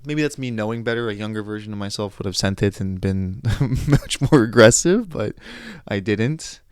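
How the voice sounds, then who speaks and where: Low-voiced man telling a frustrated story. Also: moderate pace, smooth, no room sound, clean studio sound. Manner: animated storytelling, quoting others, frustrated asides, frequent restarts. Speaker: podcast host. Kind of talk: casual monologue.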